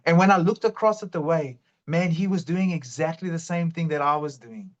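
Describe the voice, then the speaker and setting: A guest shares his faith testimony earnestly and fervently, his voice on the high side and brisk. The recording has a dull, lo-fi sound.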